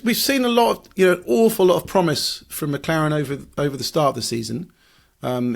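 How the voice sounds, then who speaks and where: Gravelly man analysing racing. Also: medium pitch. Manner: analytical, explanatory, with restarts and fillers. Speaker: motorsport journalist. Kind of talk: podcast discussion.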